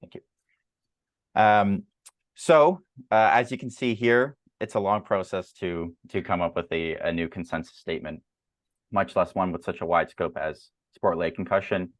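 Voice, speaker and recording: Deep-voiced man hosting a journal club. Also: dry recording. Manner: measured, with frequent fillers and repeated words. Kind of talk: presenting slides at an academic journal club.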